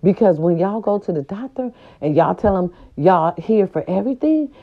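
A woman spins a casual story for her viewers, swearing freely and keeping it playful. Her delivery is blunt and direct, with a medium-pitched voice. The recording sounds a little dull and lo-fi. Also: animated, normal speed. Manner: blunt, profane, playful, talks straight to viewers. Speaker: vlogger telling a story to viewers.

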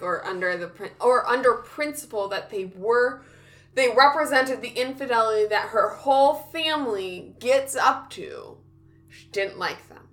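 Woman co-host, relaxed slow pace, giggly and rambling. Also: medium pitch. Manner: chatty, laughs often, restarts sentences. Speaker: podcast co-host. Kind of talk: casual chat.

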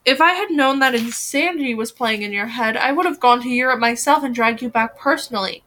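A woman voicing a stern, indignant middle-aged mother in a novel reading, shrill and sharp. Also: fairly quick. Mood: outraged.

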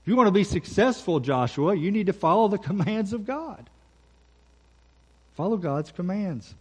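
Pastor guy preaching, kinda high voice, punchy and repeats stuff. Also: animated, husky. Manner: emphatic, repeats key phrases, slows down for scripture. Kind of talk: sermon.

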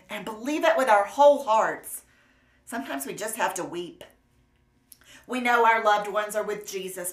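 A woman preacher delivering a sermon in an earnest, measured and gently emphatic way. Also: on the low side. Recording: roomy echo.

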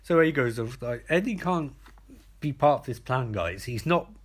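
A man's voice: medium pitch, lively intonation, moderate pace, a little hiss or hum. A man giving a rambling, sarcastic comedic recap of a TV episode. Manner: sarcastic, rambling, acts out the characters' lines.

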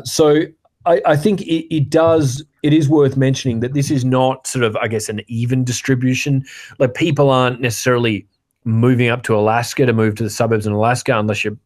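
A man's voice: medium pitch, darkish tone. A man in his thirties from Australia, co-hosting a podcast in casual, rambling chat with frequent restarts and playful rants. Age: 30s. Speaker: podcast co-host.

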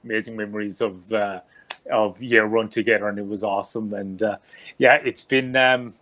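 A man hosting a casual interview, speaking haltingly with many fillers and eager thanks. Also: fairly low pitch, fairly even intonation, fairly bright tone. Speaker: podcast host.

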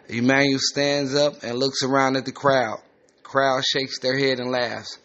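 A man's voice: medium pitch, little pitch movement, measured pace, a bit bright. A man reading a screenplay aloud, with plain, matter-of-fact stage directions, on a slightly muffled lo-fi recording. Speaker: script reader.

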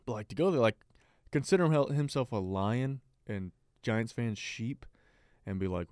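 A man's voice: medium pitch, animated, normal speed, darkish tone, clear, resonant tone, dry recording, clean studio sound. A man co-hosting a sports podcast in casual chat, rambling with lots of fillers. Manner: rambling, filler-heavy, laughs easily. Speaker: podcast co-host.

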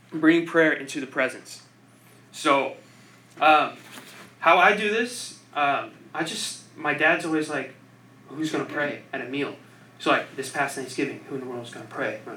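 A young man delivers an informal speech, his voice sitting a little high. He rambles, leans on "like" as filler, and laughs at his own jokes. A faint hiss runs under the recording. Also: sharp tone, low-quality recording. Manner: rambling, self-deprecating, laughs often; heavy use of "like" filler. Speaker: student giving a speech.

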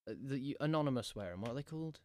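A man's voice: mid-range voice, expressive, racing, dark tone, no echo, clean studio sound. A man hosting a podcast in casual chat, joking, swearing a lot and rambling between thoughts. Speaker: podcast host.

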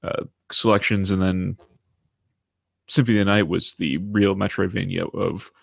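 Man, 30s, low voice, casual podcast storyteller, profane, dry close sound. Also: moderate pace, gravelly, no room sound. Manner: animated storyteller, swears freely. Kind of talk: casual chat.

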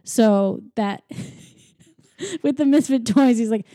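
A woman's voice: a little high, slow pace, mellow, no echo, studio quality. A woman casually recapping a movie with a co-host, rambling and sarcastic with many fillers. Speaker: podcast co-host.

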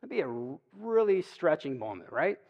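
A man preaching a sermon as pastor, in a relaxed, conversational storytelling way, often checking in with "right?". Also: a little high, normal speed, lo-fi sound. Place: church sanctuary. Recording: long reverb of a church hall.

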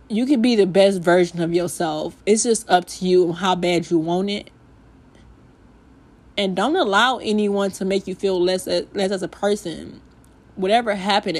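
An emotional young woman talks on her faith podcast, close to tears. Her delivery is heartfelt and loose, full of "like" and repeated phrases. She ends up praying aloud. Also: medium pitch. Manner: heartfelt, repetitive "like", ends in spoken prayer. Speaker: podcast host.

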